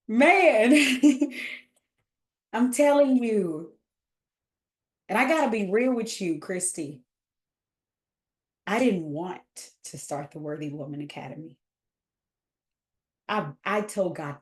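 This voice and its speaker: A woman hosting a faith group chat, emotional and talking in quick bursts with restarts. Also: mid-range voice, expressive, roomy sound. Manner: emotional, talks fast with restarts. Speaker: host and faith coach. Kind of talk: casual live group chat.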